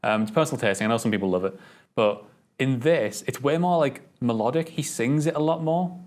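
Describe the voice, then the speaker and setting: A man's voice: mid-range voice, fairly quick, a little mellow. A young man from Britain co-hosts a casual film chat. He talks with loose enthusiasm, piling up fillers and restarts as he gets to his point. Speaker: film review podcast co-host.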